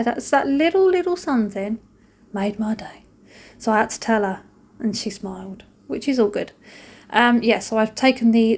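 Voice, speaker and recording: A middle-aged woman talks to camera at home, rambling cheerfully from one story to the next. Her voice sits a touch high, and she slips into playful quoted voices as she goes. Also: darkish tone. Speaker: vlogger. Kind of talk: casual chat. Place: home kitchen and garden.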